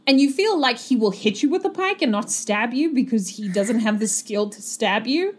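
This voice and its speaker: A woman running a tabletop game as game master, describing the scene in a relaxed way with many fillers. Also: on the high side, moderate pace.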